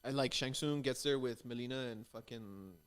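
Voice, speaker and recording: A man's voice: mid-range voice, moderate pace, fairly bright tone, smooth. A man cohosting a podcast, chatting casually about a movie, rambling with lots of restarts and filler words and swearing freely. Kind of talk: casual chat.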